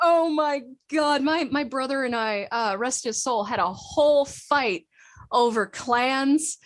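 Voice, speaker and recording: A woman guest chatting casually on a podcast, laughing often and telling stories quickly. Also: sits high. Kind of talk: casual chat.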